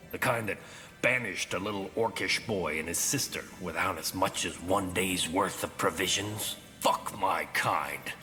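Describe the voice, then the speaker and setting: A sneering, vengeful orc butcher. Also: male voice, sits low, bright, forceful tone. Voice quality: menacing, sneering. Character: vengeful male orc butcher, bitter and cruel. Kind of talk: video game voice acting.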